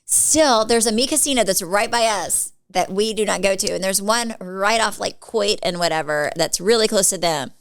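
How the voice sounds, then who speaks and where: A woman's voice: mid-range voice, moderate pace, hardly any pauses, clear, resonant tone. A woman in her forties co-hosting a podcast, telling stories in a casual, rambling way and leaning on "like" a lot. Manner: chatty storyteller, filler-heavy with frequent "like". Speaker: podcast co-host. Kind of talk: casual chat.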